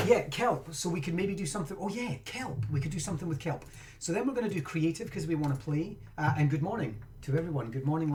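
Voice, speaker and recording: A man's voice: medium pitch, warm tone, slight background noise. A man, chatting casually and rambling as he teaches a live-streamed game lesson, often breaking off mid-sentence. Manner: chatty, rambling, self-interrupting.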